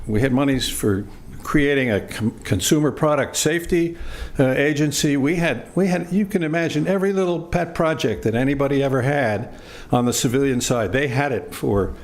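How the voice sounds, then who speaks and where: An older man from the United States, once a diplomat, shares thoughtful panel remarks in a medium-pitched voice. He talks slowly and haltingly, leaning on filler sounds.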